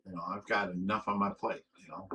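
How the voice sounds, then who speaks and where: A man's voice: low-pitched, fairly even intonation, a little fast, pushed and bright, slightly rough, poor audio. A middle-aged man hosting a livestream, reading viewer comments aloud and going on an aggrieved, profane rant, often stumbling and repeating words. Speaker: livestream host.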